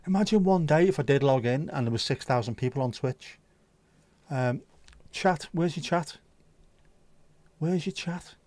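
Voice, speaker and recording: On a dry recording, a man with a slightly high, slightly mellow voice speaks a little slowly as he hosts a casual stream. He wanders from topic to topic, reads viewer comments, and jokes with plenty of cursing.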